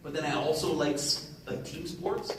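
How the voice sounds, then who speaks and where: Guy in his 40s giving a chatty talk to a crowd, voice a bit high, far from the mic in a super echoey hall. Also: fairly even intonation, moderate pace, background noise. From Canada. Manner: casual, addresses the audience directly. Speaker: guest speaker. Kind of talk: storytelling motivational talk.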